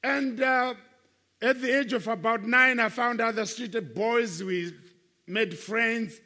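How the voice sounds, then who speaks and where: A man's voice: extremely high pitch, fairly even intonation, slow pace, sharp tone, big-room sound. An older man giving an earnest, emphatic testimony sermon to young people as a Christian speaker, repeating his key phrases for weight.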